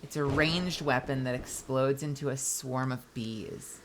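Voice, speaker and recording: A woman streaming a game live, chatting to viewers, swearing often and swinging from shouting to muttering. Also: a bass voice, fairly even intonation, a little slow, background noise. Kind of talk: live gameplay stream chat.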